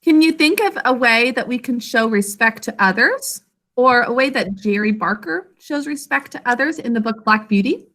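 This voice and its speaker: A woman teaching a class over a video call, encouraging and sounding out words slowly. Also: on the high side, lively intonation, sharp tone.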